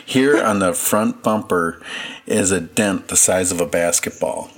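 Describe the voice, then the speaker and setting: A man's voice: sits low, measured pace. A man co-hosting a podcast in casual chat, teasing and amused. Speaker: podcast co-host.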